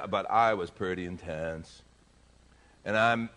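A male pastor telling a lively story in a sermon, acting out the people in it. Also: fairly low pitch, measured pace, gravelly. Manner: animated, acts out dialogue in his story.

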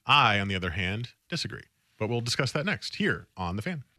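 A man's voice: fairly low pitch, very animated, a little fast, sharp tone. A man co-hosting a sports radio show, talking in a casual, emphatic and opinionated way.

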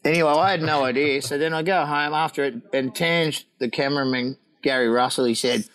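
A man's voice: a little high, fairly even intonation, fairly quick, hardly any pauses, a bit bright. A man with an Australian accent telling pranks in casual chat, laughing often, swearing and acting out what others said.

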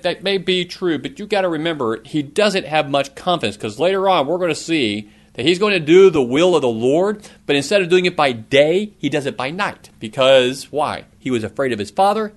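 A middle-aged pastor preaches an earnest sermon in a fairly high, expressive voice, talking a little fast with hardly any pauses. He puts questions to his listeners and coughs now and then.

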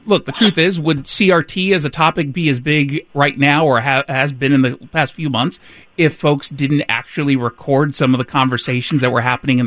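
A man's voice: on the high side, a bit bright. A man hosting an interview, plugging a guest's book and asking long conversational questions. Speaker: host.

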